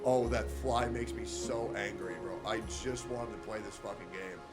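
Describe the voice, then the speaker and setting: A man's voice: fairly low pitch, fairly even intonation, moderate pace, over loud music. A young adult man streaming from his messy room on a headset, venting in an angry, swear-filled rant. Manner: angry, heavily profane venting. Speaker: game streamer. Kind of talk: casual livestream rant.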